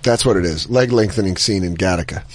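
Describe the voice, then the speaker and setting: A man's voice: deep voice, fast talker. A man co-hosting a comedy podcast, talking bluntly and crudely with teasing jokes. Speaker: podcast co-host. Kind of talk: casual comedic chat.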